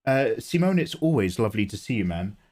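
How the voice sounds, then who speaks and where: An English male streamer and illustrator hosts a casual livestream chat in a fairly low voice, talking fairly quickly with a lively sing-song delivery. He's chatty, greets viewers, and makes self-mocking jokes, though he sounds sleepy and low on energy.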